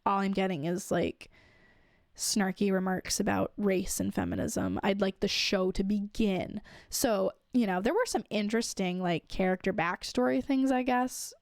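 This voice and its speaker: Flat-toned woman, dry close voice. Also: mid-range voice, moderate pace, creaky, no room sound. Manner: frequent fillers like "um" and "like". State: recovering from illness. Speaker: podcast host reviewing a TV show. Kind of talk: casual opinion monologue.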